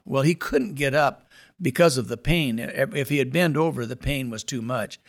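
A man's voice: medium pitch, normal speed. A middle-aged male pastor telling a personal testimony in an earnest, dramatic storytelling manner.

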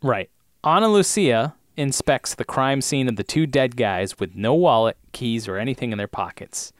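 Podcast co-host, male, animated pitch, playful riffing delivery, dry close mic. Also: moderate pace, no echo. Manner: jokey, riffs on bits and laughs often. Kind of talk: casual chat recapping TV episodes.

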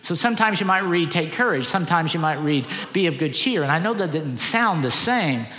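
A middle-aged man, a pastor, giving an animated, conversational sermon with lots of repeated phrases. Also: on the high side, a little fast. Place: church auditorium. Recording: echoey church hall.

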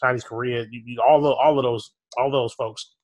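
Fairly fast and pitched in the middle, this podcast co-host's voice carries a lively, pretend-angry tirade. The talk between hosts stays casual even as he fumes for show.

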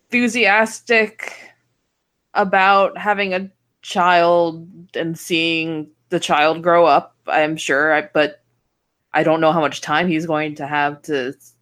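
A woman playing a tabletop game who speaks in a formal, measured, somewhat hesitant manner in character. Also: deep voice, a bit bright. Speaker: player.

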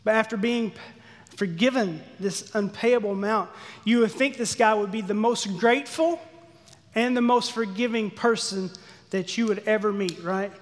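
A man giving a sermon, acting out the characters' pleas with lively energy. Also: high voice, moderate pace. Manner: animated, acts out the servant's pleas. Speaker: pastor. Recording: long hall reverb.

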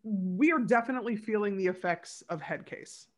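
A woman co-hosting a casual podcast, talking through a TV episode with fan enthusiasm. Her speech is loose and chatty, scattered with "like" and quick asides. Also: medium pitch. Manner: chatty and enthusiastic, many "like" fillers. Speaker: podcast co-host.

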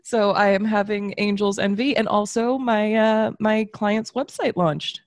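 Here a young woman co-hosting a podcast chats casually, rambling and using many fillers. Her medium-pitched voice stays steady at a measured pace, recorded with clean studio sound and no room sound.

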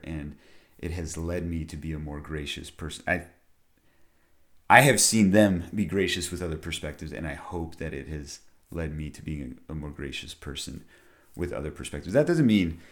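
A man's voice: extremely low pitch, normal speed. A young man hosting a podcast, speaking in a thoughtful, hesitant way with frequent restarts. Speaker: podcast host. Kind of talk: casual reflective podcast talk with a read ad. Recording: music playing behind the voice.

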